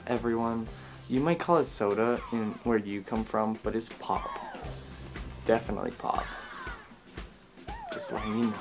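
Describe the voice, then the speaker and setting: A man from Alberta with a Canadian accent, chatting casually to camera and reading a list of words aloud with little asides. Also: mid-range voice. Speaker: vlogger.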